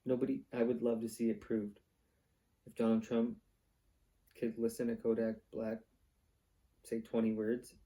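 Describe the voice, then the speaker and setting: In a casual ranting monologue, a male vlog host speaks bluntly, swears a lot and drifts between topics. His voice sits lowish with a warm tone.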